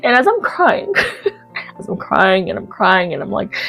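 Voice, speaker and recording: A woman narrating her own life story as an author, acting out her past reactions with lively quoted lines. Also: medium pitch, unhurried, gravelly, breathy edge, lo-fi sound, soft background music.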